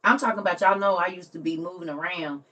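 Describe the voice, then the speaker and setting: A woman who hosts a livestream and tells a story in a casual way. She laughs often and swings between soft, quiet lines and loud ones. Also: lowish voice, fast talker, far from the mic. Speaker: livestream host.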